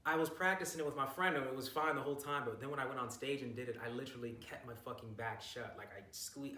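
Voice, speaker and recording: A man's voice: mid-range voice, quick pace, few pauses, pushed and bright. A young man giving a casual recap vlog of his bodybuilding show, hyped and rambling, with plenty of swearing. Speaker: bodybuilder vlogger. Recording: roomy, distant from mic, faint noise.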